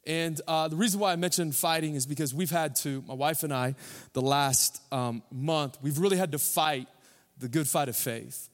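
A man's voice: a little high, moderate pace. A young man who is a pastor, preaching a sermon in a joking, rambling way; he says he is tired. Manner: joking, rambling, self-deprecating. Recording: long hall reverb.

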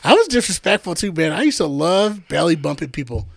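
A man telling a profane, animated story in casual chat, acting out the people he quotes. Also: fairly high pitch, fairly quick, creaky, crowd noise.

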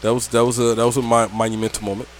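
A young man, telling animated, profane stories with friends on a podcast. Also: medium pitch, rapid-fire. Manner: animated, laughing, profane, slangy, lots of "right?". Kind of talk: casual storytelling chat. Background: friends talking in the background.

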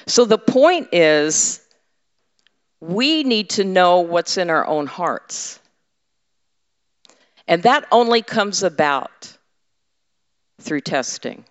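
A woman preaching a conversational sermon to her congregation, candid and humorous, teasing her listeners. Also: mid-range voice. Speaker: women's ministry leader and preacher. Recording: echoey hall, slightly dull sound.

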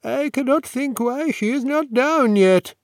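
A man's voice: very high-pitched, measured pace, no echo, studio quality, pitched above the performer's own voice. A man voicing an elderly male college warden, courteous, fussy and apologetic toward a young nobleman, in an audiobook reading.

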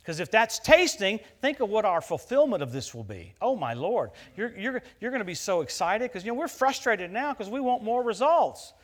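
A middle-aged man from the United States preaching a sermon, telling stories in an animated way that turns loud at the punchlines. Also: sits high, normal speed, hardly any pauses. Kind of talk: sermon with personal story.

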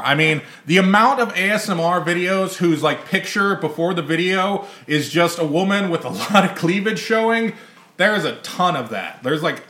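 A man's voice: high-pitched, bright, forceful tone, reverberant. A man hosting a casual podcast chat, rambling, laughing often and swearing freely. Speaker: podcast host.

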